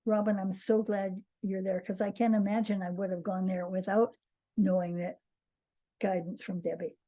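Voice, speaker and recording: A woman's voice: mid-range voice, level tone, normal speed, warm tone. An older woman hosting an online workshop, encouraging participants and laughing often. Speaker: host and teacher.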